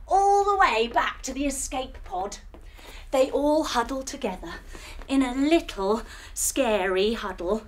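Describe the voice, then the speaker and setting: A woman's voice: high voice, expressive, measured pace. A woman teaching yoga to children through a playful story, full of sound effects and guiding instructions.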